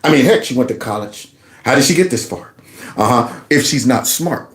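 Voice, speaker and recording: Male commentary host, sarcastic and lively, in an echoey room. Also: medium pitch, normal speed. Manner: animated, mocking, mimics others in exaggerated voices. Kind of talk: political commentary reacting to clips.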